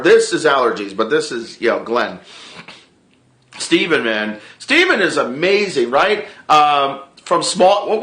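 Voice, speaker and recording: A man casually recapping a TV episode, animated and swearing freely, re-enacting his own reactions. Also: medium pitch. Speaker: TV show reviewer. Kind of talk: casual excited recap vlog. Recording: echoey room.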